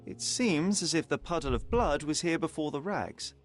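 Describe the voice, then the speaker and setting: A man voicing a composed, precise detective in a video game, with soft game music behind. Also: a little high, animated, moderate pace, lightly acted. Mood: analytical. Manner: precise, deductive. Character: sharp, composed male detective.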